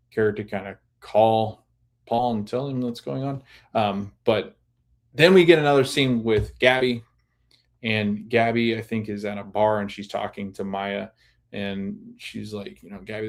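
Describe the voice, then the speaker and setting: A man hosting a podcast, casually recapping a TV episode in a chatty way and laughing often as he retells scenes. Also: fairly low pitch. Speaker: podcast host.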